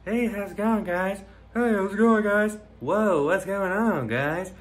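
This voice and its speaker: A man's voice: high-pitched, unhurried, pitched above the performer's own voice. A man putting on the voice of an overeager online video host who greets his fans in a bouncy, repetitive way. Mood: peppy.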